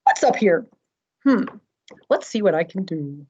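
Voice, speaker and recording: A woman's voice: lowish voice, a little slow, slightly rough, muffled recording. A woman teacher reading a play aloud, explaining with dramatic emphasis and repetition. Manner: expressive, dramatic, repeats key points. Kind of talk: read-aloud lesson.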